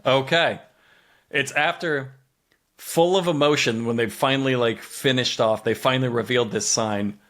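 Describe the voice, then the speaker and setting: A man co-hosting a comedy podcast, recapping a TV episode with animated, mock-dramatic storytelling. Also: medium pitch, normal speed. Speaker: podcast co-host.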